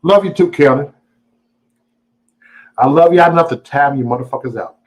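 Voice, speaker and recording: A livestream host with a slightly high, darkish voice speaks at normal speed over poor audio. Casually greeting his viewers, he then rants at them in a profane, taunting, and boastful way.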